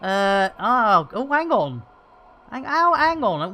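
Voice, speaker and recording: A man's voice: high-pitched, big pitch swings, takes it slowly, bright, forceful tone. A man hosting a live gameplay stream, rambling through jokey banter and cheeky asides. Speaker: livestream host.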